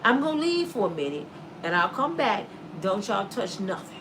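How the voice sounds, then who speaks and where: A woman voicing a stern male God figure who gives a low, hushed warning. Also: very animated, normal speed, recorded from a distance, background noise, natural voice.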